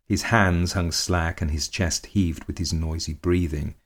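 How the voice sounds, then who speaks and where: A man reads a period story aloud with measured, dramatic delivery. His voice is very deep, sitting in the lowest register. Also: fairly even intonation. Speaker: narrator. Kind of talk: scripted story narration.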